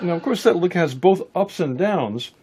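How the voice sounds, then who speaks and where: Male guitar teacher, relaxed and easygoing, faint guitar playing under his voice. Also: high-pitched, moderate pace. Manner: relaxed, thinking aloud with restarts. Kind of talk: casual instructional talk.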